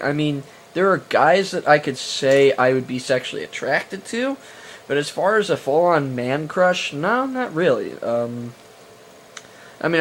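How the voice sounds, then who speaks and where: A man's voice: medium pitch, slight background noise. A young man answering viewer questions in a casual vlog, rambling with many fillers and restarts, joking in a crude, self-mocking way, recorded on a camera he holds himself. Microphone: handheld camera mic.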